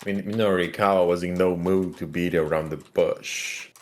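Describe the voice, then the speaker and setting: A man narrating a story game aloud in a relaxed way, with joking asides to a co-player. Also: low voice, moderate pace. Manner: easygoing, jokey asides. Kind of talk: casual game read-along narration.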